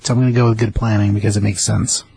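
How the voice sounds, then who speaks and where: A man's voice: lowish voice, flat delivery, fast, creaky, darkish tone, breathy edge, no echo. A man explaining a comic series in casual chat, with plain fillers. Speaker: comic book podcast co-host.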